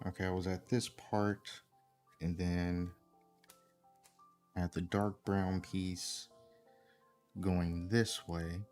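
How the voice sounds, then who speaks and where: A man's voice: sits low, little pitch movement, a little mellow, faint music behind. A man hosting a casual livestream, thinking aloud and humming to himself as he works on a model kit. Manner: unhurried, thinks aloud, hums to himself while working. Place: indoor home room.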